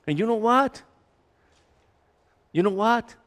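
A man's voice: high voice, takes it slowly. A man preaching a humorous sermon in a church, mixing in some Spanish and acting out complainers. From Latin America. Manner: animated, jokey, acts out complainers, mixes in Spanish. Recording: reverberant church hall.

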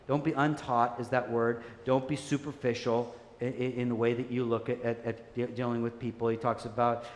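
A man preaching a sermon, earnest and animated, telling stories and urging listeners to keep growing. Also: mid-range voice, moderate pace. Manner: earnest, animated storytelling, laughs easily. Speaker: pastor. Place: church sanctuary. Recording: echoey hall with faint ambience.

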